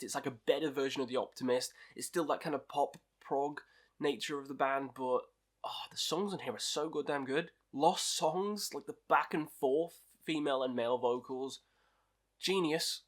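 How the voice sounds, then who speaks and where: A man's voice: medium pitch, a bit bright. A man hosting a casual album ranking review, chatty and opinionated, with lots of ums and likes. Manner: chatty and opinionated, with many fillers. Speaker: music reviewer host.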